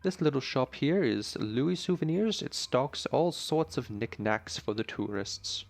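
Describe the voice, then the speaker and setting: A man's voice: mid-range voice, expressive, unhurried, gravelly, faint music behind, voice pushed up. A man voicing a woman dojo master with a put-on British accent, speaking in a gracious, slightly formal way.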